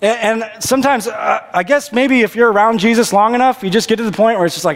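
A man preaching a conversational sermon, animated and playful, acting out the people in the story. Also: high-pitched, fast talker, hardly any pauses. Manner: animated, conversational, acts out characters' lines. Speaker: pastor. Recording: long reverb of a big hall.

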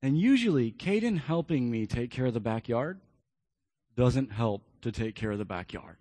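A man's voice: medium pitch, expressive, moderate pace, warm tone, big-room sound. A man in his thirties, a pastor, telling a personal story in an earnest sermon and repeating key phrases.

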